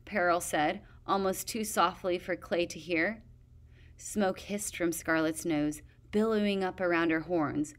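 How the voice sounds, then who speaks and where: A woman's voice: lowish voice, fairly even intonation, unhurried. Woman reading a fantasy storybook. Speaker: audiobook reader. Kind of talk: storybook narration.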